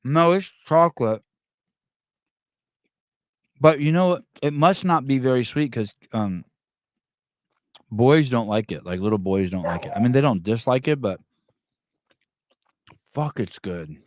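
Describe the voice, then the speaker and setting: A man's voice: mid-range voice, unhurried, pauses often, no room sound, studio quality. A man hosting a podcast, chatting casually and telling a long story with lots of restarts and fillers. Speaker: podcast host. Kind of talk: casual chat.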